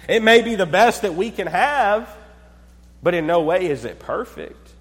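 A man preaching a Sunday sermon to his congregation. He asks rhetorical questions and pauses for effect, dropping to a low hush on key words. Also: animated. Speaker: pastor. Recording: long hall reverb.

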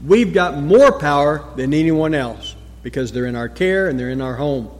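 Man, pastor, sermon, emphatic repetition, dramatic pauses, long church reverb. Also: on the high side, expressive. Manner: emphatic, repeating key phrases with dramatic pauses.

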